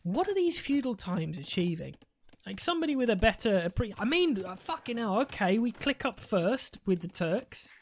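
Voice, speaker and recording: A man's voice: sits high, sing-song, normal speed, slight background noise. A British man doing live esports commentary, rambling and joking, often restarting his sentences. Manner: rambling, jokey, self-interrupting. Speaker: esports caster.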